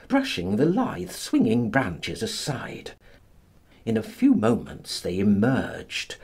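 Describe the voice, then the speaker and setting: A man narrating a classic novel as an audiobook in a dramatic, expressive manner. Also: lowish voice, vocal fry, slightly rough.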